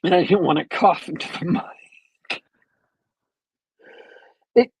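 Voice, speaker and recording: A man on a podcast with a bad cold, retelling a movie plot as a meandering, detailed storyteller with long pauses. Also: sits high, vocal fry, husky, dry recording, low-quality recording. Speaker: podcast co-host.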